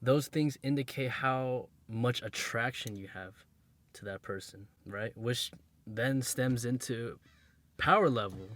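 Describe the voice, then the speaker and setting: A man's voice: mid-range voice, slow pace, fairly bright tone. A man giving dating advice in a casual monologue, blunt and emphatic, repeating his points and using street slang.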